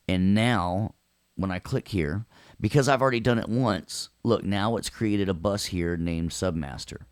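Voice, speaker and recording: A man's voice: low-pitched, no room sound, studio quality. A man with a Nashville accent teaching an audio workstation class, chatty and joking with his students. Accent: Southern US, Nashville. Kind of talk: recorded class lecture with jokes.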